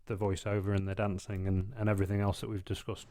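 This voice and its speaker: Polite low-voiced male podcast host. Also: little pitch movement, fast talker, mellow, dry recording. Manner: polite, hesitant with fillers. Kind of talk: interview questions.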